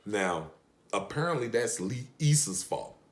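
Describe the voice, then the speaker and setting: Lower-voiced man in animated, profane recap chat. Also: measured pace. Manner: animated, profane, joking, asides to his wife. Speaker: TV show reviewer.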